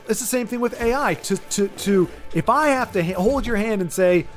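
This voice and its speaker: A man's voice: sits high, animated, normal speed, few pauses, soft background music. A man hosting a casual chat, rambling and restarting his sentences as he talks through an idea. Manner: rambling, many restarts and repeated words. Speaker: streamer host.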